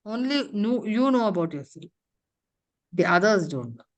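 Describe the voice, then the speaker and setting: A woman's voice: mid-range voice, big pitch swings. Woman trainer. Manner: quizzes the class with quick questions, leans on "you know" and "huh?". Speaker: corporate trainer. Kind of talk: interactive classroom lecture.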